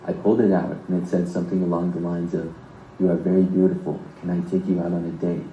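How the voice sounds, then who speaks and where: A man narrating a scripted first-person horror story in a steady, even delivery. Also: deep voice, fast, a little hiss or hum. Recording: roomy echo.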